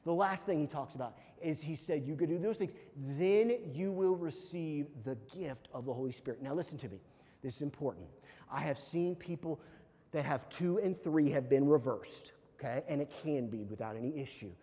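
A man preaching a sermon as pastor, animated and often checking in with his listeners. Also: on the high side, normal speed. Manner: animated, repeats "okay?" to check in. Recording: long hall reverb.

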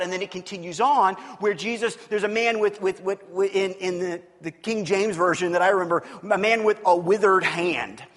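A man's voice: high voice, a bit bright. A man giving conversational Bible teaching as a pastor, talking informally, restarting and repeating words and checking in with his listeners. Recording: long reverb from a large room.

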